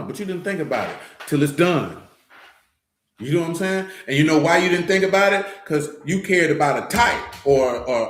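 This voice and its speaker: A man's voice: fairly high pitch, fairly bright tone, roomy sound, slight background noise. A man giving a loose, blunt, streetwise scripture teaching. He talks conversationally and keeps asking "you know what I'm saying". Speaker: teacher of a scripture study assembly.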